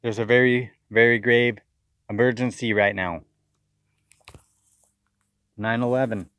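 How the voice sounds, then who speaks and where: A man's voice: mid-range voice, fairly even intonation, measured pace, a bit bright, clean tone, dry recording, clean studio sound. A man giving a fiery, accusatory video sermon, often repeating words as he rants. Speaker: self-styled preacher. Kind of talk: impassioned video sermon rant.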